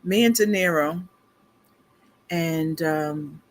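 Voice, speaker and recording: A middle-aged woman hosting a casual livestream, telling a family story in a chatty, animated way, laughing along and calling her viewers y'all. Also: low-pitched, drawn-out words. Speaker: beauty consultant livestream host.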